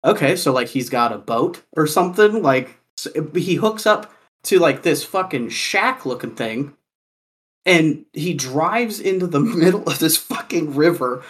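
Profane, animated man from Kansas. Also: fairly high pitch, measured pace. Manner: profane, animated storytelling with many "like" fillers. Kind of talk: casual storytelling chat.

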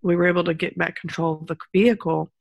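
A woman from Texas with a lowish, gravelly voice tells a personal story in casual conversation. She rambles with frequent ums and restarts and speaks sincerely about her faith. The recording is close and dry. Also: steady tone, fast, a little mellow, dry recording. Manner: rambling, many ums and restarts, laughs between thoughts. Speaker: guest telling her story.

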